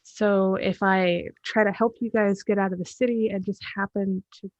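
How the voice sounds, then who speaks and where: Young woman playing her character, quick-talking. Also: medium pitch, fairly even intonation, darkish tone, no room sound. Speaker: player. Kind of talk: playing a character in a tabletop game. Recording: dull, dry mic.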